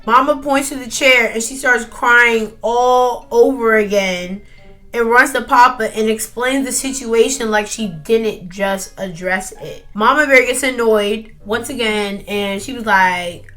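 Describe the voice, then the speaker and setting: A woman's voice: a little high, measured pace, sharp tone. A teenage girl casually narrating a school project story, chatty and full of "like". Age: teens. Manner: chatty, lots of "like". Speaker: student narrator. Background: faint background music.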